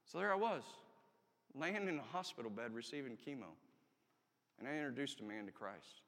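A man's voice: medium pitch, lively intonation, moderate pace, a bit bright. A man, an army chaplain, giving a candid testimony sermon and telling his story earnestly with emphatic rises. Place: church. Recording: long reverb of a church hall.

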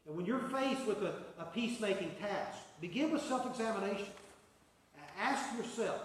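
A man's voice: high-pitched, lively intonation, normal speed. A man preaching a sermon as pastor, earnest, with a repeating cadence. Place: church sanctuary. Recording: echoey hall, mic far off.

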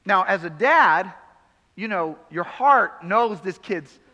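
Bright-voiced pastor, echoing hall. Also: male voice, high voice, lively intonation, slow, dull audio. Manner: storytelling, swings from hushed to emphatic. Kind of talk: sermon. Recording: long hall reverb.

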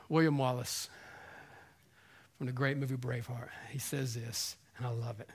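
A man preaching an Easter sermon as pastor, impassioned, swinging between hushed passages and loud ones. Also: medium pitch, little pitch movement, normal speed, pauses often, husky. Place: church hall with congregation.

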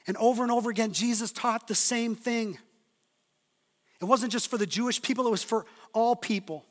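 A middle-aged male pastor preaching a sermon, swinging between loud emphatic lines and quiet, intimate asides. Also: very high voice, normal speed. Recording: long reverb of a large hall.

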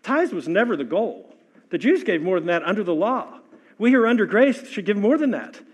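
A man's voice: high voice, big pitch swings, a little fast, slightly rough. A man preaching a sermon in a conversational way, asking the congregation questions and repeating key lines for emphasis. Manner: emphatic repetition. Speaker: pastor.

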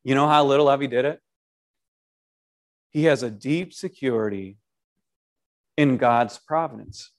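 A man giving a short devotional sermon in an animated, conversational way, often restarting his sentences and asking the listener rhetorical questions. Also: medium pitch, unhurried, pauses often. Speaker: preacher.

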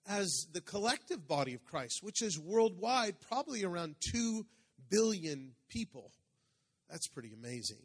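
A man's voice: fairly high pitch, fairly bright tone. A middle-aged male pastor preaching a sermon in a conversational way, calling out to the congregation and joking. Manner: conversational preaching with crowd call-outs and jokes.

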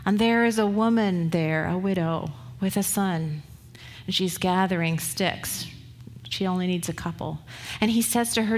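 A woman's voice: lowish voice, unhurried, darkish tone. A woman pastor preaching a sermon, retelling scripture stories in a conversational, storytelling way.

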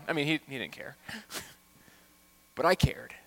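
A man preaching a sermon as a pastor, with impassioned delivery that swings from hushed asides to loud, urgent appeals. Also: medium pitch, slow, vocal fry, long pauses.

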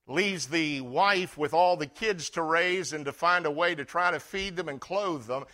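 A middle-aged male pastor preaching a folksy sermon, telling stories and swinging from loud emphasis to hushed tones. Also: a little high, a little slow.

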